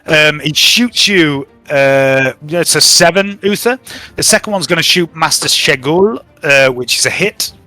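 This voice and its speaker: A man's voice: fairly high pitch, unhurried, pushed and bright, no echo, faint music behind, rough recording. A man running a tabletop game as game master, joking and playfully bossy with his players.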